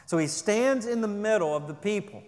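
Man preaching a sermon, kinda high voice, earnest, repeats himself, lots of hall echo. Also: expressive, normal speed, a little mellow. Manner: earnest preaching, repeats words when stressing a point. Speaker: pastor. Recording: long hall reverb.

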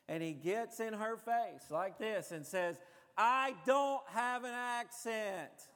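A man's voice: fairly high pitch, long reverb tail. A man preaching a sermon as a pastor, telling stories in a conversational way with frequent fillers.

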